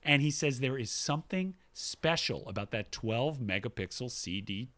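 A man's voice: medium pitch, animated, moderate pace, a bit bright. A man co-hosting a casual talk show, reading listener emails aloud with his own asides. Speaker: podcast co-host reading listener mail. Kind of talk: casual chat.

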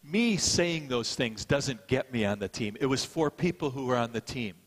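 A man's voice: medium pitch, animated, moderate pace, slightly rough. A middle-aged man preaching a sermon in a conversational storytelling way, with self-deprecating asides. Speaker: pastor. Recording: long hall reverb.

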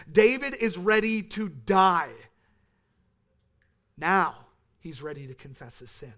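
A man in his thirties preaching a sermon, earnest, rising to emphatic peaks and falling back to quiet. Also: sits high. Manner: earnest, building to emphatic peaks then dropping soft.

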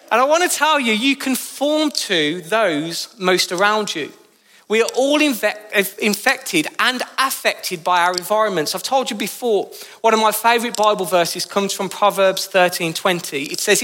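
A male pastor with a Birmingham accent preaching in church, telling stories emphatically and lifting his pitch on key phrases. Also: expressive, moderate pace, bright, forceful tone. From Birmingham, England. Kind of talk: sermon.

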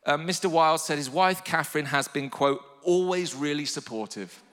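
A man preaching a sermon with passion, sometimes rising to shouted calls to his listeners. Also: fairly high pitch, moderate pace, in a large hall, noisy background. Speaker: pastor.

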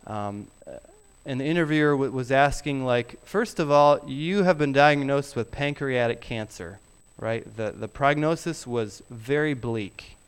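A middle-aged man preaching a sermon, emphatic and deliberate, sometimes dropping his voice very low. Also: clear, resonant tone. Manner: slow, emphatic preaching with soft drops to near whisper. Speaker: pastor.

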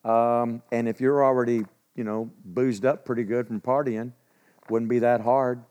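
A man teaching from the Bible in a relaxed, conversational way, often clearing his throat and asking the listeners questions. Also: mid-range voice, moderate pace, muffled recording.

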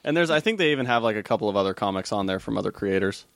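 A man's voice: on the low side, expressive, rapid-fire, gravelly, a bit bright, dry recording, studio quality. A man hosting a casual podcast chat, rambling with restarts and swearing freely.

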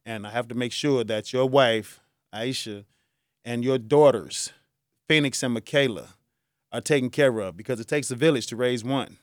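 A man's voice: medium pitch, moderate pace, dry recording. Male talk-show host, casual and emotional monologue, dry close sound. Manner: emotional, heartfelt storytelling. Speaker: podcast host.

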